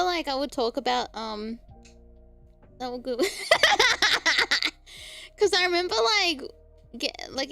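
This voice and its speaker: A woman's voice: a little high, vocal fry, pushed and bright. A young Australian woman streamer chatting casually, giggling often and breaking into squealing laughter. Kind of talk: casual live-stream chat.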